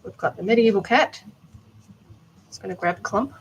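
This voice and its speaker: A woman's voice: medium pitch, normal speed, highs cut off, slight background noise. A young Australian woman chatting casually on a live stream while she builds art dolls, answering viewers' questions as she works.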